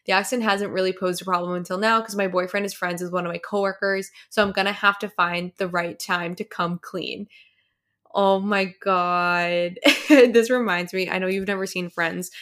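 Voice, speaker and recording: A woman's voice: mid-range voice, a bit bright. A woman with a New England accent, co-hosting a podcast, chatting casually and laughing often while reading out comments. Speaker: podcast co-host.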